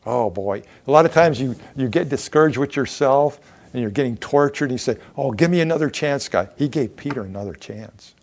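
A man's voice: mid-range voice, fairly quick, a little mellow. Man preaching, reads scripture aloud, acts out the figures' voices, asks questions, mid-range voice. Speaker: pastor. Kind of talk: sermon.

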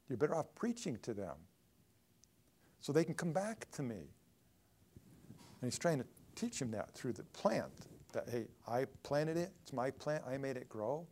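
A man preaching a sermon in a church, swinging between loud emphatic lines and hushed ones. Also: mid-range voice, very animated, normal speed, creaky. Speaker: pastor.

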